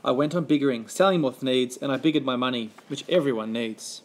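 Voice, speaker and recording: A man reading a rhyming children's story aloud with a lively, rhythmic delivery. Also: medium pitch, fairly quick.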